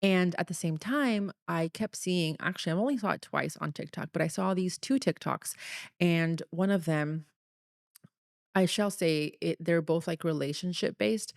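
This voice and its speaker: Young woman, low voice, earnest chatty podcast storytelling, dry close sound. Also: normal speed, creaky, no echo. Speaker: podcast host.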